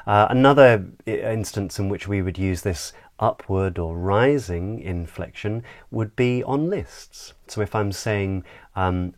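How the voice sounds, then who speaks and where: A man, a voice coach, giving a measured, explanatory lesson on intonation. He demonstrates pitch glides with sung sounds as he explains. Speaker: voice and speech coach.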